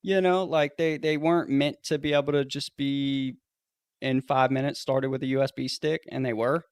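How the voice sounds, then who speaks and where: A man's voice: medium pitch, fairly even intonation, moderate pace, smooth, no echo, clean studio sound. A man co-hosting a casual podcast chat, explaining things plainly and matter-of-factly, with casual swearing. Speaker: podcast co-host.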